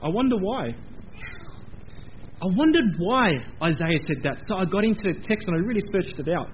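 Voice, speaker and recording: A man preaching a sermon in a church, animated and repeating phrases for emphasis. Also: high-pitched, normal speed, muffled recording, a little hiss or hum. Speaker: pastor. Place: church building.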